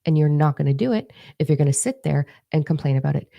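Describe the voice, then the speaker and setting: Blunt, gravelly-voiced woman spiritual coach. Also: low voice, expressive, quick pace, lo-fi sound. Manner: blunt, heavy swearing, emphatic calls to action. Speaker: spiritual coach hosting a live stream. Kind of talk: intense motivational talk to viewers.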